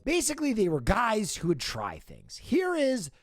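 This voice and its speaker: Male streamer, commentary rant, profane, emphatic, very animated pitch, dry sound. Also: moderate pace, no room sound, faint music behind.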